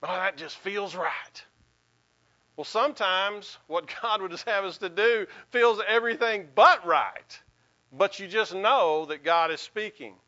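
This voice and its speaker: A man's voice: high voice, a little slow, pushed and bright, dull audio. A male pastor giving a sermon in an earnest, conversational way, with a folksy sense of humor.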